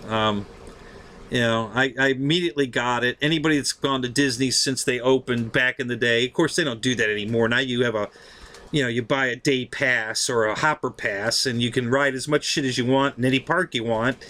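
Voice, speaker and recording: A man in his fifties hosting a live stream, telling stories in a chatty, animated, profane way. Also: medium pitch, fairly quick. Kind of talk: casual storytelling on a live stream.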